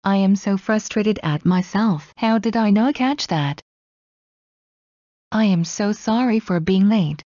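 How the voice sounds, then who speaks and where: A woman slowly reading everyday English phrases one at a time for learners. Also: mid-range voice, warm tone, no echo, highs cut off. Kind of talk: slow scripted phrase reading.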